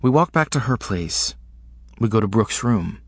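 A man narrates a first-person audiobook in short, broken phrases with an intimate hush. His voice is husky and sits a little low. The recording is close and dry, with no room around it. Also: lively intonation, no echo. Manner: halting, fragmented, intimate delivery.

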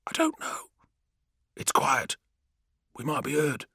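A man voicing a nervous, high-strung male adept who talks anxiously and breaks into shrill outbursts. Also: measured pace, no room sound. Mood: hushed nervous.

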